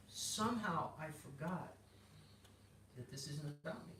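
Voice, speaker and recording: Middle-aged man telling an animated testimony. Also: on the high side, moderate pace. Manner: animated storyteller acting out dialogue, restarts and fillers. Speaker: guest sharing a personal testimony. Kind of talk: casual spoken testimony. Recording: roomy sound from a distant mic with background noise.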